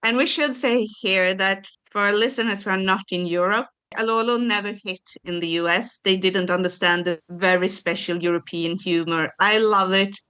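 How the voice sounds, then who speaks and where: A woman's voice: medium pitch, steady tone, moderate pace, few pauses, sharp tone, smooth. A woman co-hosting a podcast in casual chat, explaining her views at length with enthusiasm. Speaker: podcast co-host.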